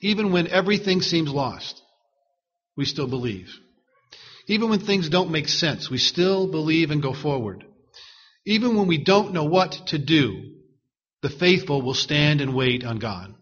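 A man delivers an earnest sermon in a husky, breathy voice that sits a little high. He slows down to read quotes with care. The recording sounds dull and muffled. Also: expressive, a bit bright. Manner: earnest, reads commentary quotes slowly. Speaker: preacher.

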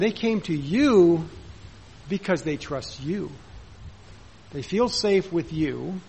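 A man's voice: high-pitched, husky, poor audio. A man preaching a sermon in a conversational way, full of rhetorical questions and acted-out bits of dialogue.

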